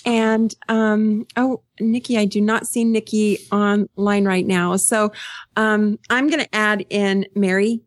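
A woman runs a live online call and reads out messages from friends, pausing with fillers. She keeps a friendly, slightly emotional tone. The sound is dry and close. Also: mid-range voice, steady tone, no room sound. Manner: friendly, with many fillers, tearing up while reading. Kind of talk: hosting a live call, reading messages aloud.

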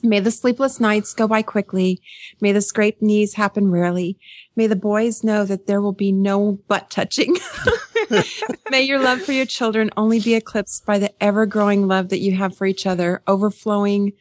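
A woman's voice: mid-range voice, moderate pace, dry recording. A woman hosting a live online call, reading messages aloud with many fillers and getting emotional. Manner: friendly, with many fillers, tearing up while reading.

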